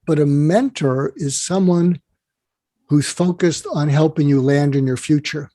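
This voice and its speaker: A man's voice: fairly high pitch, a little slow, mellow, dry recording. A man who is a psychiatrist, talking as an interview guest and telling rambling stories with many restarts. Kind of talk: conversational interview storytelling.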